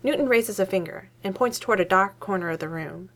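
A woman narrating a story aloud in an expressive reading voice. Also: medium pitch, a little fast.

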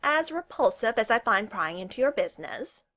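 A woman's voice: on the high side, very animated, moderate pace, fairly bright tone, pitched above the performer's own voice. A woman voicing a nosy, theatrical young man who plays the protective best friend in a storybook reading. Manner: theatrical, accusing.

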